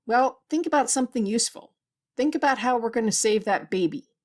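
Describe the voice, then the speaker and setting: A tense, clipped male doctor aboard a space station, as a woman reader voices him. He speaks in short, pressured sentences at a mid-range pitch. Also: animated, moderate pace, lightly acted.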